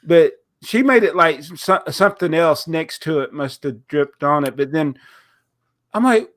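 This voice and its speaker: On a casual podcast, a male co-host still getting over a cold rambles through a story with frequent laughs, his voice nasal and stuffed-up. It's on the high side and a bit bright, at a moderate pace. The sound is dry and studio quality.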